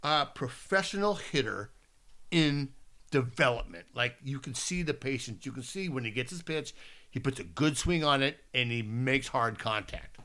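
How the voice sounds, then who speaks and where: Bright-voiced fifty-year-old man, chatty. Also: medium pitch, moderate pace. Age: 50s. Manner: animated storytelling, rambling with restarts. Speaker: podcast co-host. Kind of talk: casual chat.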